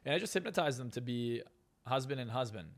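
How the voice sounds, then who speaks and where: A man's voice: mid-range voice, animated. A man, a hypnotist and success coach, telling boastful stories as a podcast guest. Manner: fast, boastful storytelling. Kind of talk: casual podcast interview.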